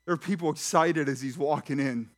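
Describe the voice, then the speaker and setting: A man with a fairly high speaking voice preaches to his congregation in church. He keeps things lively, tossing out questions and light jokes as he goes. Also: fairly quick. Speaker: pastor. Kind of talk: sermon. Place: church sanctuary.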